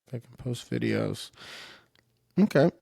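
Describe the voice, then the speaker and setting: A man's voice: mid-range voice, expressive, measured pace, vocal fry, mellow, no echo, studio quality. A man streaming casual commentary in a rambling, self-interrupting way, often trailing off and restarting.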